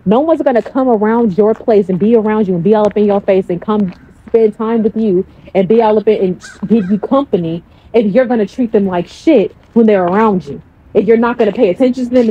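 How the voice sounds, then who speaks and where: A woman's voice: medium pitch, a little fast, breathy edge, dull audio. A woman coach speaking in a casual, blunt storytelling style, swearing freely.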